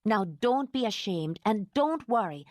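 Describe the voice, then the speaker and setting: A woman's voice: mid-range voice, expressive, a little slow, darkish tone, dry recording, studio quality, voice pushed up, close to an everyday voice. Woman voicing a fierce fussing housekeeper. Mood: indignant. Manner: indignant, fussing.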